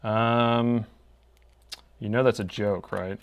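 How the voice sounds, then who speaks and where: Low-voiced man chatting while repairing. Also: fairly even intonation, slow, dull audio. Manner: chatty, talks to himself and viewers while fiddling with parts. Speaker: laptop repair technician streaming live. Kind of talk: casual live-stream chat while working.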